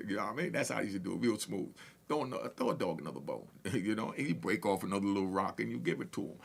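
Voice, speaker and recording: A man from Harlem, New York tells street stories casually, his voice on the low side, fast, with vocal fry and a breathy edge. He's laid-back and repetitive, stammering through restarts and laughing along the way.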